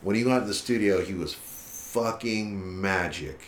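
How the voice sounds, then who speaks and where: Deep-voiced man telling a story. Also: measured pace, roomy sound, slight background noise. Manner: profane, animated retelling with quoted dialogue. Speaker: musician guest. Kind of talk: casual storytelling interview.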